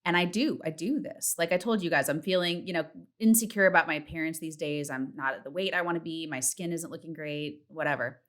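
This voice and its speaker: Chatty woman host, candid and animated. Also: fairly quick, few pauses. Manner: chatty, animated, swears freely, acts out self-talk in a high voice. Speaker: podcast host. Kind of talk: casual solo podcast talk. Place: home, partner in the next room.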